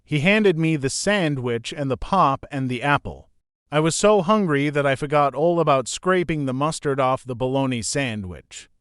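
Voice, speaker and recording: Smooth-voiced man narrating a storybook. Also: a little high, moderate pace, dry recording, clean studio sound. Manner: plain, steady first-person reading. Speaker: audiobook narrator.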